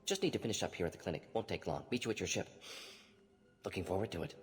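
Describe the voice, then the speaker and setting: An actor voicing an alien male scientist doctor who speaks in rapid, clipped fragments, dropping small words, in a video game. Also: deep voice, very animated.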